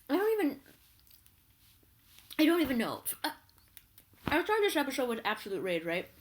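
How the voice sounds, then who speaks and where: A woman vlogger giving an exasperated, profanity-laden rant recapping a reality TV show. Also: high voice.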